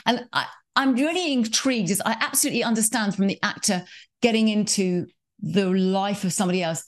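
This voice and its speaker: A woman's voice: mid-range voice, fairly quick. A woman hosts a podcast interview in a mid-range voice. She asks thoughtful, probing questions and reflects on what her guest has said before asking. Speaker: podcast host.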